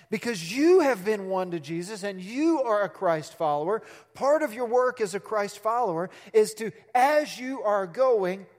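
Questions to the congregation and acted-out quotes fill this animated sermon by a middle-aged pastor. He has a high voice, and a long reverb tail follows his words.

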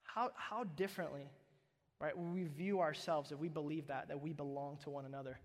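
A man's voice: a little high, fairly even intonation, fairly quick. A man preaching a sermon as pastor, conversational and emphatic, often asking "right?" as he talks. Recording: reverberant hall.

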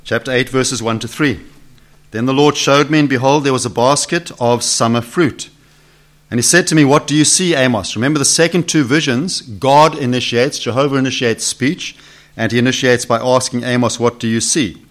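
At a moderate pace and with a steady, medium-pitched tone, a man leads a Bible study for a group in a meeting room. As preacher, he keeps it conversational, asks questions, and dramatizes the voices in the text.

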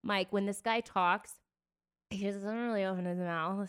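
A woman's voice: medium pitch, steady tone, normal speed, a bit bright, clean tone. A woman co-hosting a podcast in casual chat, a chatty storyteller who laughs easily. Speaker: podcast co-host.

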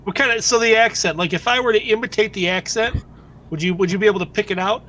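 Man, high voice, casual, rambling questions, tabletop game player. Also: fast talker, bright, forceful tone.

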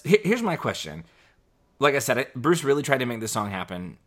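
A man's voice: mid-range voice, sing-song, a little fast, a bit bright. A man co-hosting a music podcast, talking casually and rambling, with frequent restarts. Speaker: podcast co-host.

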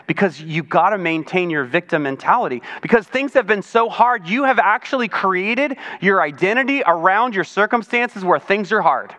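A man's voice: high voice, animated, moderate pace, hardly any pauses, bright, forceful tone. A man preaching a chatty, conversational sermon as pastor, often acting out other people's voices. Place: church sanctuary.

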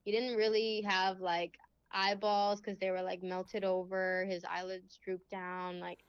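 A young woman guest telling a faith story in casual chat, full of "like"s and quick laughs. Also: medium pitch, little pitch movement, clear, resonant tone, no room sound. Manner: chatty, many fillers and "like"s, laughs often. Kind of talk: casual testimony in a faith podcast. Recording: slightly dull, lo-fi.

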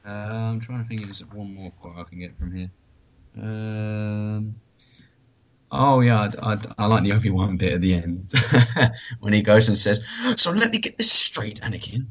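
A man with a fairly low voice co-hosts a podcast, laughing easily as he chats. He acts out lines as he talks. The recording sounds dull and lo-fi. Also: steady tone, measured pace. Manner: laughs often and acts out quotes. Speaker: podcast co-host. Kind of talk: casual chat.

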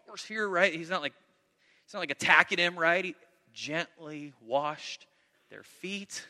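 A man preaching with a bright, ringing voice, somewhat higher than most men. He is earnest, and he swings from loud emphasis down to soft, hushed asides. The sound carries a long reverb from the hall. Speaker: pastor. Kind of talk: sermon.

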